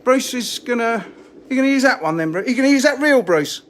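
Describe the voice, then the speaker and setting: Chatty high-voiced man on a phone stream. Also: lively intonation, a little fast. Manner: chatty, rambling, self-mocking. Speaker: fishery owner live streaming. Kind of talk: casual live-stream chat. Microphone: phone camera held in hand.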